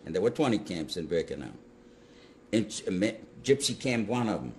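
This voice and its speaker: An older man tells his wartime memories to an interviewer, leaning hard on key words. His voice sits low but swings widely in pitch as he speaks. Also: moderate pace, a little hiss or hum. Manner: emphatic, animated storytelling with sudden stresses. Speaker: Holocaust survivor giving testimony. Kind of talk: recounting personal memories to an interviewer.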